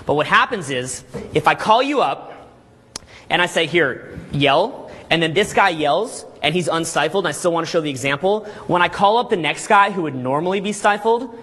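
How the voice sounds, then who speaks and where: A man's voice: a little high, normal speed, husky. A man coaching a live seminar audience, talking energetically and quizzing the room. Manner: animated, energetic, audience questions.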